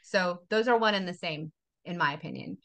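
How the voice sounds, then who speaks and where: A woman in her forties talks as a guest on a podcast, emphatic and motivational. Her voice is bright and forceful, and she repeats phrases to land her points. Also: on the low side, brisk. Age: 40s. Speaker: wellness coach, guest. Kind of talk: casual podcast interview.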